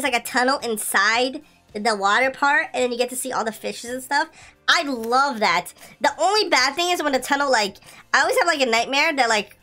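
A young woman giving excitable, giggly commentary while playing a video game. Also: high-pitched. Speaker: gaming channel host.

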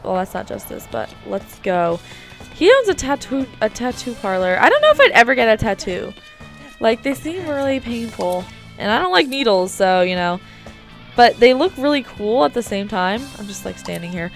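A woman's voice: a little high, normal speed, soft background music. Chatty young woman playing a game. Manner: chatty, filler-heavy, excitable. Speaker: let's play host. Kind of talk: casual gameplay commentary.

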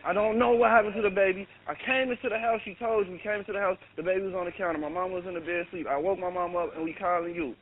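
A young man with a fairly high voice, urgent and exasperated as he pleads for help. Heard over a tinny phone line with faint hiss behind him. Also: steady tone, rapid-fire, few pauses. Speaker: 911 caller. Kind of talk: emergency phone call.

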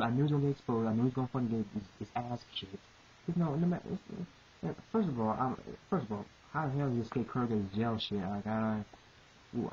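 A woman with a low, dark voice rants through exasperated commentary, swearing and circling back to the same complaints again and again. The recording is muffled and lo-fi, with a steady hiss underneath. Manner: profane, repetitive, exasperated ranting. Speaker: manga reviewer. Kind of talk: ranting commentary.

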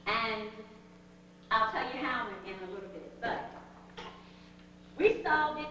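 Woman, high voice, bright and sharp tone, animated emphatic storyteller, distant mic. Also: measured pace, long pauses, a little hiss or hum. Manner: animated, emphatic, frequent laughs. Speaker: speaker addressing a group. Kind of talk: storytelling talk. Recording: echoey hall from a distant mic.

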